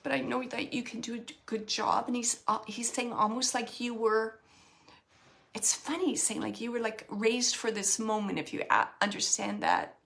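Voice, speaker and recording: A woman giving a live mediumship reading, relaying messages in a halting, emotional way and often searching for words. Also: a little high, fairly even intonation, gravelly, fairly bright tone. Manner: emotional, close to tears at times.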